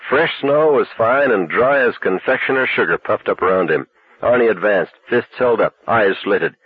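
A man narrating a novel as an audiobook in a steady, measured way. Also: lowish voice. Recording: tinny narrow-band recording.

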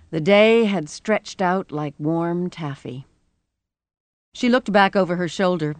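A woman with a slightly low voice reads a novel aloud in a measured, expressive way. The recording is dry and close, with no room sound. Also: no echo. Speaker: audiobook narrator. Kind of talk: audiobook narration.

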